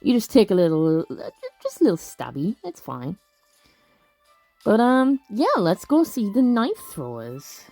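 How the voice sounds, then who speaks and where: Young woman, casual let's-play commentary, rambling and animated; dry close mic with soft music. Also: mid-range voice, measured pace, creaky, dry recording. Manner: chatty, rambling, many fillers and restarts. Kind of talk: casual game commentary and reading aloud.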